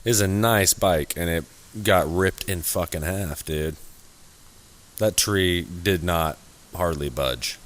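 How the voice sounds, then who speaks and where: A man's voice: low-pitched, slow pace, a bit bright. A man co-hosting a podcast, chatting casually, swearing freely and jumping in with details. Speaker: podcast co-host. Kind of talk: casual chat.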